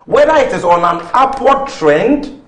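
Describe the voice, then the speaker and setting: A man's voice: extremely high pitch, very animated, a little slow, fairly bright tone. A man with a Ghanaian English accent arguing politics on a talk show, firing off rhetorical questions and figures. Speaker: political commentator.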